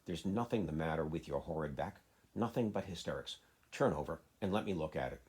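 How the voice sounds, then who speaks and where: A man voicing a furious, bossy little girl who shouts fierce commands. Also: very deep voice, expressive, brisk, husky, full character voice. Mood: furious, scolding.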